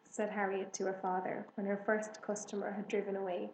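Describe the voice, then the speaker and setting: A woman reading a children's novel aloud in a slow, clear and gentle way. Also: mid-range voice, little pitch movement. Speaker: storybook reader. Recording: echoey room, faint noise.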